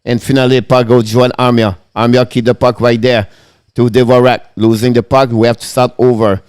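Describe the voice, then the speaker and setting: An excitable man calls a hockey game play by play on his live stream, laughing often between calls. His voice sits in the middle of the male range and comes across smooth and clear. The sound is dry and close to the mic. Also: mid-range voice, moderate pace, no room sound. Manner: excitable, laughs often, broken English phrasing.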